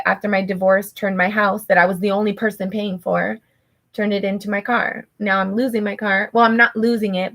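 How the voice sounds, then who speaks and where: A woman's voice: mid-range voice, gravelly. A middle-aged woman, a tarot reader, venting in casual live-stream chat, frustrated and swearing, then reassuring herself.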